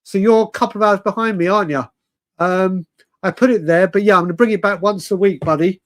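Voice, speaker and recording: Guy rambling on a late night fan stream, highish voice, laughs a lot. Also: steady tone, fairly quick, fairly bright tone. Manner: chatty, rambling, laughs often, calls viewers mate and brother. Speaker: live-stream host. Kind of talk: casual live-stream fan chat.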